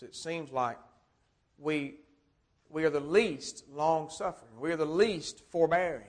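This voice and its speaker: A man preaching a sermon, earnest, repeating key phrases and swinging between strong and soft words. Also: on the high side.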